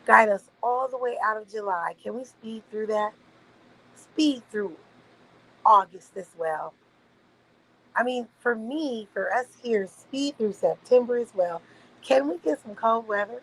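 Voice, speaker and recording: A woman's voice: a little high, measured pace, low-quality recording. A woman hosting a casual livestream, chatting loosely with her viewers and swearing freely. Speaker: livestream host. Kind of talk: casual late-night livestream chat.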